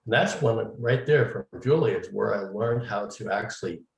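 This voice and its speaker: A creaky male voice on the low side, at normal speed, belongs to a medium-profile interview guest casually telling his story. He goes on at length, dramatizing the dialogue he quotes. The audio sounds roomy, recorded from a distant mic.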